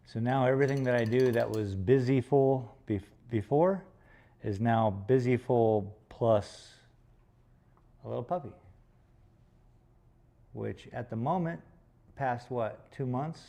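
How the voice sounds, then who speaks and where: A man's voice: medium pitch, slow pace, pauses often, mellow. A man chatting casually on a livestream while he paints, rambling and joking with some swearing. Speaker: painter streaming live.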